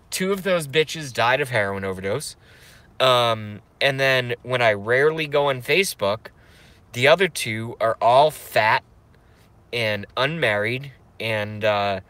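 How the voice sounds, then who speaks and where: A man's voice: medium pitch, sharp tone. A man vlogging from his car, ranting to viewers in a profane, rambling way full of fillers and asides. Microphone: phone, then car audio system.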